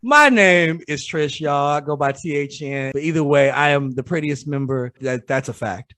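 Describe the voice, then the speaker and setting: A man hosting a casual podcast, loud and playful, teasing his co-hosts and swearing freely. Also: mid-range voice, flat delivery, moderate pace. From New York. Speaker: podcast host.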